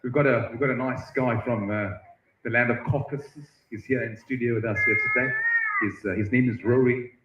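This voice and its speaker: A man hosting at a festival tent, chatting with and teasing visitors in a lively way. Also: mid-range voice, a little fast. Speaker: event host interviewing visitors. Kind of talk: roving live-stream banter. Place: busy outdoor festival tent. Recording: echoey, muffled stream audio with crowd noise.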